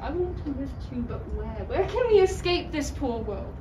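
A woman's voice: high voice, very animated, moderate pace, background noise. A young woman playing a bleak, weary lover. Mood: despairing. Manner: earnest, heavy with despair. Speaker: student actor in a school play. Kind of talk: stage acting. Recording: echoey stage, mic far off, music behind.

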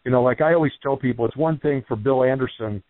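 A man's voice: mid-range voice, fast talker, no echo. A man who trains wrestlers, guesting on a radio interview and telling rambling stories full of fillers. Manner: rambling, lots of fillers, animated storytelling. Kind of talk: casual radio interview over the phone. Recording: tinny phone line, dry.

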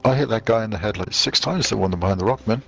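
A man in a gaming group talking casually with quick, excited reactions to the match. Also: on the low side, vocal fry, soft background music, poor audio.

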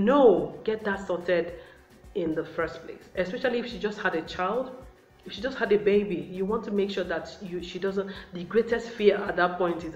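A woman's voice: on the low side, normal speed, darkish tone, soft background music. A woman giving relationship advice to the camera in a casual, chatty way, often calling her viewers guys. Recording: roomy, slightly dull sound.

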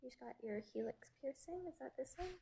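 A woman chatting casually on a phone livestream, greeting viewers and reading their comments aloud in a breezy way, quick to laugh. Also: high voice, lively intonation, gravelly, mellow, breathy edge, rough recording. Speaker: actress hosting a livestream.

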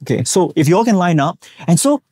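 Recounting something that happened to him, a young Singaporean podcaster with a Singaporean English accent animatedly performs the voices of those he quotes. His fairly high voice moves at a quick pace with a breathy edge, recorded in studio quality without echo.

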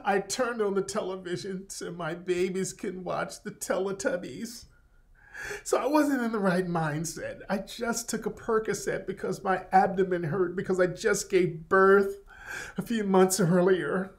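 A man's voice: high-pitched, unhurried. A man mimicking a whiny woman who plays the victim, in a mock-tearful, whining voice.

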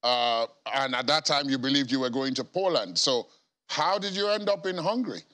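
A man's voice: medium pitch, moderate pace, bright, forceful tone. A man interviewing a guest on television, asking methodical clarifying questions.

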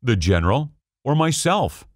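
A man's voice: medium pitch, big pitch swings, moderate pace, no echo, clean studio sound. A man voicing a proud old king in a storybook reading, pompous and commanding. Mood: lecturing.

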